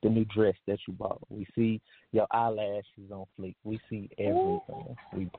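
A man's voice: on the low side, little pitch movement, moderate pace, creaky, no room sound. A man giving an earnest, repetitive spoken tribute. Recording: tinny dry phone-like sound.

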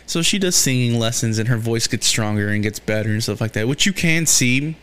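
Man, middle-pitched voice, casual series recap, rambling, lots of fillers, swears freely. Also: sing-song, moderate pace, fairly bright tone, clean tone. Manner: rambling, full of fillers and restarts; swears freely and gets heated. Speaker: show recapper.

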